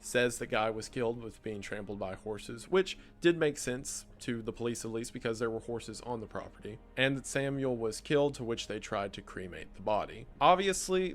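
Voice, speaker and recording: A man narrating a documentary video from a script, in a steady, measured storytelling manner. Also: medium pitch.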